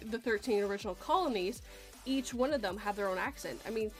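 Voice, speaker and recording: A woman's voice: medium pitch, fast, soft background music. A woman from Western Canada hosting a casual chat, talking in a rambling way and laughing often. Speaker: host.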